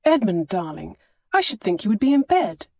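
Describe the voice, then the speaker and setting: A woman voicing a flustered, earnest young English lady in an audiobook, her protests breathless and raised in pitch. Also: sing-song, normal speed, mellow, husky, no echo. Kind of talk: audiobook character dialogue.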